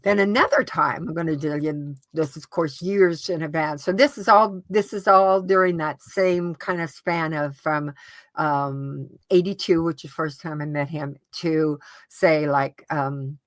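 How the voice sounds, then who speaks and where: A woman as an interview guest, recounting a personal experience in an earnest, halting way with frequent restarts. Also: low voice, no room sound. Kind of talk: casual personal storytelling.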